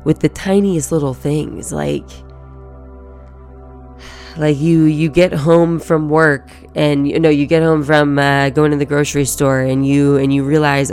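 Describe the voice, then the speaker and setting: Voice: mid-range voice, flat delivery, a little slow, darkish tone, soft background music. A podcast host giving a casual, profane motivational monologue and acting out everyday inner thoughts.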